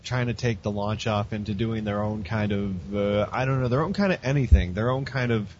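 A man co-hosts a podcast with dry, teasing remarks, often pausing on fillers as he works out his thought. The sound is dull and lo-fi, with a faint rumbling hum underneath. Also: darkish tone. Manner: wry, teasing, halting with fillers. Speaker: podcast co-host. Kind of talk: casual podcast chat.

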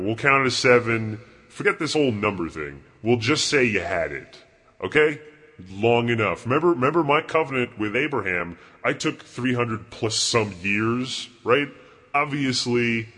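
A man's voice: mid-range voice, expressive, normal speed, bright, forceful tone. A man playing a foul-mouthed arrogant God. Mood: mocking. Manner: profane, rambling, mocking. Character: crude arrogant male God, bored and contemptuous. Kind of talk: comedy podcast bit.

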